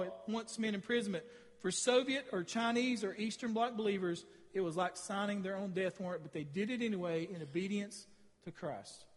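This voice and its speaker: A man preaching a sermon in a church, telling stories with animated emphasis that swings between loud and quiet. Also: sits high. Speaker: pastor. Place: church sanctuary. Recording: long hall reverb.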